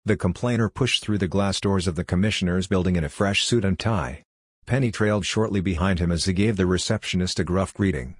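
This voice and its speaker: A man narrates a story slowly and evenly. His voice is very deep and husky. The recording is close and dry, with no room sound. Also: no echo. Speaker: audiobook narrator.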